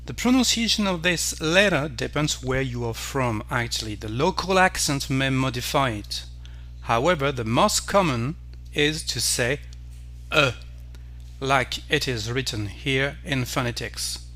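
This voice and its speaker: A man with a French accent, a native French speaker, teaching pronunciation carefully and repeating each word slowly. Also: medium pitch, expressive, pushed and bright. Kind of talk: slow pronunciation lesson.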